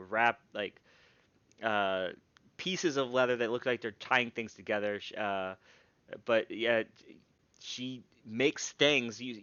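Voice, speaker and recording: A man narrating a tabletop game as game master in a casual, halting way. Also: mid-range voice, a bit bright, smooth, no echo, dull audio.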